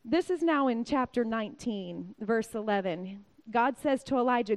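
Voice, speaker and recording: A woman in her forties delivers a sermon, her voice veering from loud, excited bursts to near-whispers. She sits slightly high in pitch and speaks a bit slowly.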